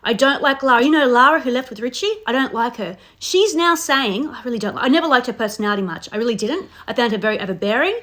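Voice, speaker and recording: High bright-voiced emphatic woman. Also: lively intonation, fast talker, hardly any pauses. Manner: emphatic, opinionated, repeats herself. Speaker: reaction channel host. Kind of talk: casual reality TV reaction chat.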